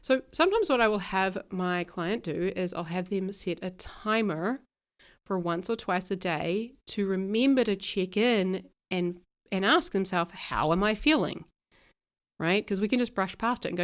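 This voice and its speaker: A woman's voice: mid-range voice, unhurried. A woman hosting a casual solo podcast as an ADHD coach, talking directly to her listeners in a chatty way and laughing at herself, her voice a bit worn from being ill. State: recovering from illness, little voice.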